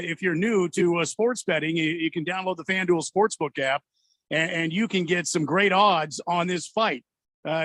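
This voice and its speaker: A man hosting a sports radio show, chatting casually and reading ads with many halting fillers. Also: sits high, a bit bright. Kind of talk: casual radio talk with live ad reads. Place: radio studio. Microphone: studio mic.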